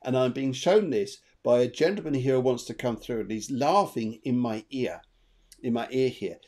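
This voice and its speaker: A man giving live psychic readings as co-host of an online show, chatty and animated, repeating himself as he goes. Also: mid-range voice, moderate pace. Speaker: medium and co-host. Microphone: video call.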